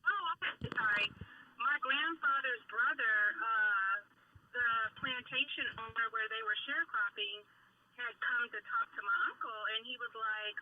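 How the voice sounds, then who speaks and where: Woman caller on a tinny phone line. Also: a little high. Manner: earnest and reflective, with pauses and restarts. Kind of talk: phone-in storytelling.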